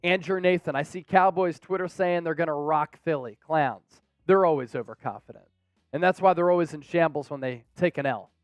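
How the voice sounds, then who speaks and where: A man's voice: fairly high pitch, a little fast, dry recording, soft background music. A man hosting a live sports stream, reading out viewer names in a hyped, playful way and trash-talking rival fans. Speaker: sports show host.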